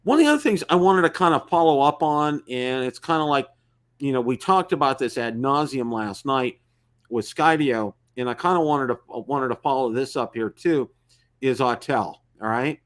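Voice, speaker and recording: A man's voice: mid-range voice, lively intonation, normal speed. A man hosting a live-stream talk show about drones, rambling with many fillers and restarts. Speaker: host.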